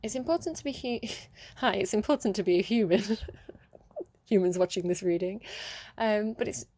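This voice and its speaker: A young woman talks through a casual tarot vlog. She rambles from one thought to the next, giggling often and filling pauses with ums and likes. Her voice sits at an ordinary middle pitch for a woman. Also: mellow, a little hiss or hum. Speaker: tarot reader.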